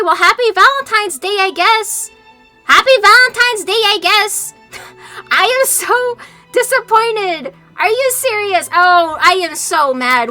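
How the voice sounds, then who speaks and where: A woman streamer chatting live over a game, animated and exasperated, swearing freely, at a desk mic with faint music behind. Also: very high voice. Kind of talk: casual livestream chat over a game.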